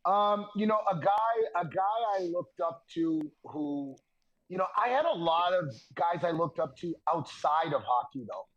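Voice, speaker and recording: A man in his thirties, a podcast guest telling stories in a casual, animated way and laughing through the punchlines. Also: sits high, unhurried, highs cut off. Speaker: podcast guest, former hockey defenseman. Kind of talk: casual storytelling.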